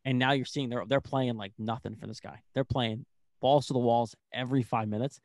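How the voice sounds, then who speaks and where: Young man, excitable rambling sports talk, dry close sound, filler-heavy. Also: mid-range voice, a little fast, dry recording. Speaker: sports podcast co-host. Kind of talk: casual sports chat.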